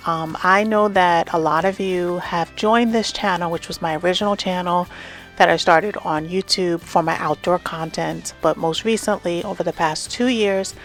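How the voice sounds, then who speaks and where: A woman hosting a home and garden vlog, talking casually and enthusiastically while showing her porch outdoors. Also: lowish voice. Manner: enthusiastic, chatty with fillers.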